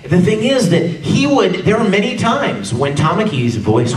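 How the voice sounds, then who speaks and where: A man speaking on a live convention panel, lively and chatty, now and then acting out character lines and yells. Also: high voice, moderate pace, hardly any pauses. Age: adult, no longer sounds young. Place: large convention hall with audience. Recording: echoey hall taped from far off with crowd.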